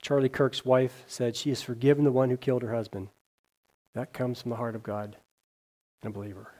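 A man with a warm, mellow voice of middle pitch preaches fairly quickly and earnestly, reading scripture aloud, stumbling and starting over at times, and questioning his audience. Though his pitch moves little overall, he lifts on scripture and key words and drops quiet and low at line ends.

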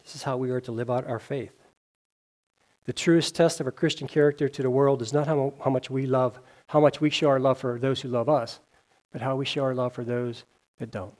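A man preaching a sermon, reading scripture aloud and asking his listeners questions. He talks earnestly, lifting his voice on key phrases and letting it fall soft at the ends of lines. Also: steady tone, a little fast. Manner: earnest, rising on scripture and dropping low at line ends; reads scripture aloud, with small slips and restarts.

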